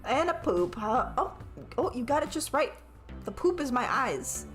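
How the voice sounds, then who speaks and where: Her voice is high, swinging widely in pitch, and unhurried, with faint music behind it. A woman streaming a tabletop-style game with an AI game master, she reads the narration aloud, cursing frequently, laughing, and unsure of some pronunciations.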